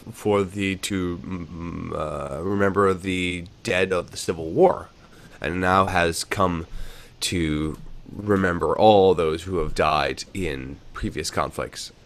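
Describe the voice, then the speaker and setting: A man's voice: sits low, slow pace, a bit bright. A man co-hosting a casual live chat show, dry and a little hesitant. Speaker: co-host.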